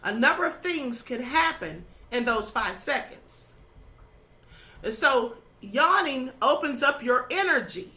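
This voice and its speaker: A woman gives a spiritual teaching on her channel slowly, with lively intonation in a high, bright voice that's wearing thin. Earnest and instructive, she checks in along the way with "okay?" and "you know."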